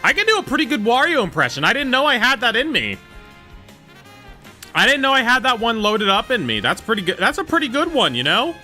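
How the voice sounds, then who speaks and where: A man's voice: very high voice, big pitch swings, brisk, bright, forceful tone, faint music behind. A young man live-streaming a game, chatting casually and joking with his chat. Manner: joking, rambling, slips into whispers.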